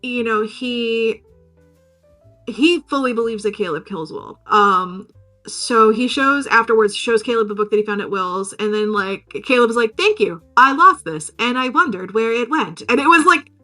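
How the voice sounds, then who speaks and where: A woman's voice: on the high side, expressive, moderate pace, sharp tone, faint music behind. A woman co-hosting a podcast, casually recapping a film, swearing freely and acting out the characters in silly voices. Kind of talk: casual chat.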